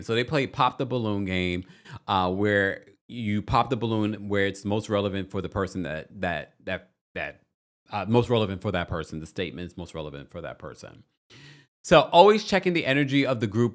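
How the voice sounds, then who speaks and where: Sassy man recapping reality TV. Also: on the low side. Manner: sassy, dramatic, animated commentary. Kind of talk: casual commentary reading viewer comments.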